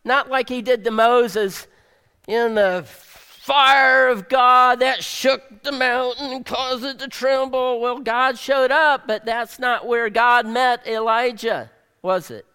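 A male pastor delivering a sermon, swinging dramatically between loud emphasis and soft near-whispers. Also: very high-pitched, fairly even intonation, takes it slowly, clean tone, big-room sound.

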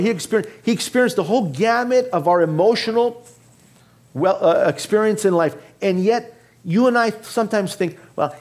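An earnest male preacher with a high-pitched voice delivers a sermon to his congregation. He speaks to them directly and often sinks low and quiet to drive a point home. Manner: addresses the congregation directly with questions. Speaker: pastor.

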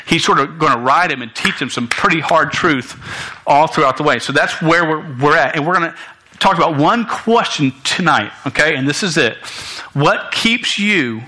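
A young man preaching a sermon to students in a church, animated and stumbling over words, with joking asides. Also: a little high, moderate pace, poor audio. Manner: animated, many restarts and stammers, jokey asides. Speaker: youth pastor.

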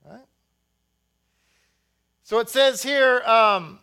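A man's voice: high voice, animated, moderate pace, long pauses, bright, forceful tone. A man preaching a sermon as rabbi, blunt and rousing, with jokey asides to the congregation.

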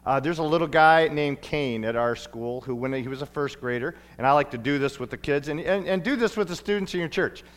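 Folksy middle-aged pastor preaching. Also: male voice, on the high side, fairly quick, hardly any pauses. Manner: folksy, playful, often stumbles and restarts. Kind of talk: sermon. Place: church sanctuary.

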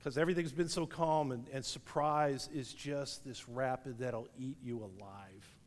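A middle-aged man preaching a sermon, telling a lively story and laughing at his own tale. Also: mid-range voice, a little slow. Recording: long reverb of a large hall.

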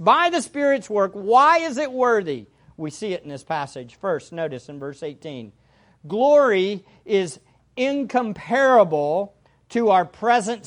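A woman preaching a sermon, teaching through a passage verse by verse and repeating key phrases for emphasis. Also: a little high.

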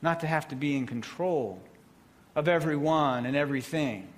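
A man preaching a sermon, with a slow, deliberate delivery and measured pauses. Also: on the high side.

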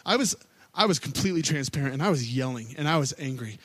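A man in his thirties, a worship pastor, telling a personal story in a sermon with candid, conversational delivery that swings between loud pleading and quiet asides. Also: fast, no room sound. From Missouri. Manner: candid storytelling, rising to loud pleading then dropping low.

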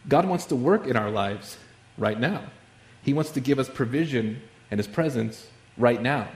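A man's voice: medium pitch, expressive, normal speed, a little mellow, echoey room. A man preaching a sermon in a conversational way, with many asides and fillers. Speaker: pastor.

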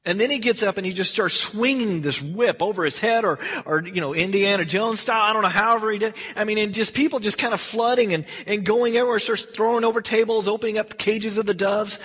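A man's voice: sits high, a bit bright, breathy edge. A man teaching a verse-by-verse Bible study, telling the story in a rambling, conversational way. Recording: long hall reverb.

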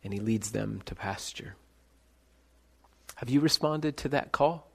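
Slow, emphatic man preaching a sermon. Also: fairly low pitch, creaky, breathy edge. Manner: dramatic shifts between soft and loud, calling out names. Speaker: pastor.

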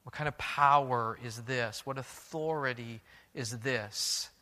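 Bright-voiced preacher in a reverberant hall. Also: male voice, medium pitch, slow. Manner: earnest, questioning, restarts words often. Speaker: pastor. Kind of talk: sermon.

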